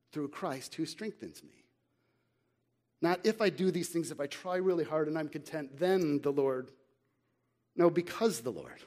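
A middle-aged man preaching a sermon as pastor, earnest and conversational, asking rhetorical questions and reading scripture slowly and with emphasis. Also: fairly high pitch, a little mellow.

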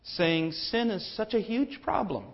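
A man's voice: sits high, lively intonation, a little slow, vocal fry, lo-fi sound. A man preaching a sermon as pastor, building to emphatic rhetorical questions.

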